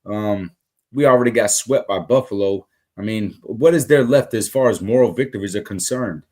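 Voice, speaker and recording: A man's voice: lowish voice, moderate pace, darkish tone. A man co-hosting a casual sports talk podcast, ranting heatedly and repeating himself with many restarts. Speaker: podcast co-host.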